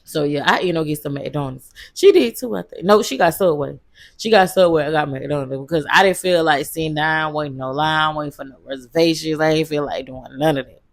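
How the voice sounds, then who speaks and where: A woman's voice: low-pitched, fairly quick, no room sound. A woman vlogger casually telling a travel story, loose and slangy with lots of fillers.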